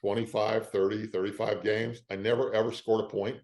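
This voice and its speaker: An older man with a lowish voice tells stories in a relaxed interview. He is animated and often jumps into the voices of the people in his stories. His delivery is casual and conversational. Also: fairly quick. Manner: animated storyteller who acts out the quoted lines of others. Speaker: actor, interview guest.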